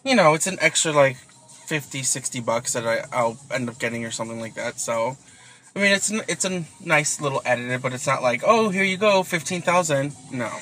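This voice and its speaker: A man's voice: medium pitch, animated, brisk, sharp tone, low-quality recording. A man co-hosting a podcast in casual chat, rambling with lots of fillers and laughing often, talking from inside a car. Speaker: podcast co-host. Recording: car road noise behind.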